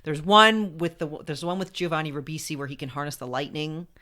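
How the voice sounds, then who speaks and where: A woman's voice: low-pitched, steady tone, a little fast, pushed and bright. A woman on a podcast, chatting casually and thinking aloud about a TV episode. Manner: thinks aloud, building on points. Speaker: podcast co-host.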